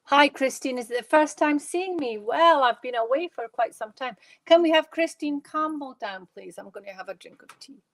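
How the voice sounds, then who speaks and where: A Scottish woman giving live psychic readings from her bedroom at home, talking fast and chatty, with rambling restarts. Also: sits high, lively intonation, fairly bright tone, dry recording.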